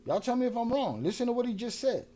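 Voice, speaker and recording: Guy ranting and cussing at a clip, talks back at it, kinda high voice. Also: sing-song, fast talker, crowd noise. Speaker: podcast host reacting to clips. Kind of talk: heated reaction commentary.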